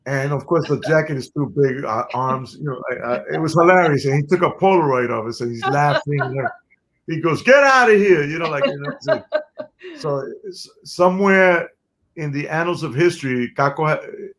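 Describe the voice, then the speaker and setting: A man, a guest musician telling stories in an interview, animated and quick to laugh. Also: on the high side. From New York City. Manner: animated storyteller who laughs often. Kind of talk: storytelling in an interview.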